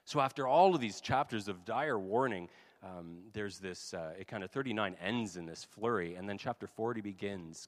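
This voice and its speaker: A man's voice: fairly low pitch, moderate pace. A man preaching a sermon as pastor, talking in a casual, conversational way with asides. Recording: long hall reverb.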